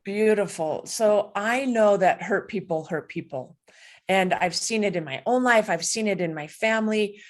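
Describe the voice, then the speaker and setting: A middle-aged woman speaks in an ordinary mid-range voice, earnest and animated as she answers an interviewer. She tells personal stories in a warm conversational way, now and then laughing through a line. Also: medium pitch, moderate pace. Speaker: guest, coach and speaker.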